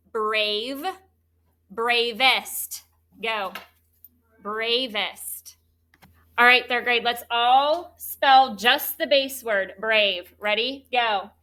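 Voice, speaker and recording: Woman, teacher, bright crisp tone, slightly high, spells words out letter by letter. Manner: slow, clear, drawn-out letter-by-letter spelling. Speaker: third grade teacher. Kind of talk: classroom spelling lesson.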